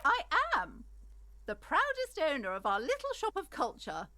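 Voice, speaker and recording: An actress voicing a proud, pushy middle-aged woman shopkeeper in a video game, high-pitched and bossy. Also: wildly swooping pitch, normal speed, sharp tone, no room sound, studio quality, heavily acted. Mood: indignant. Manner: bossy, salesy.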